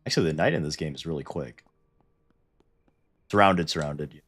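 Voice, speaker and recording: A man's voice: very deep voice, sing-song, very fast, slightly rough, soft background music. A Canadian man with a Canadian accent, streaming and chatting casually over a game, laughing often and swearing when startled. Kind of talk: casual gameplay commentary.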